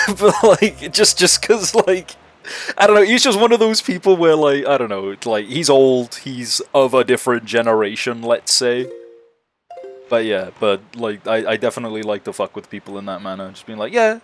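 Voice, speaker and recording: During a casual gaming livestream, a young man with a mid-range voice speaks at normal speed over soft background music. He's a lively storyteller, laughing and swearing a lot as he chats.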